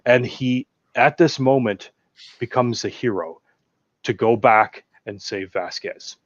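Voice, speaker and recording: A man's voice: medium pitch, slow, no echo, dull audio. A man enthusiastically retelling film moments in casual chat, bursting into acted-out quotes. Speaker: podcast guest.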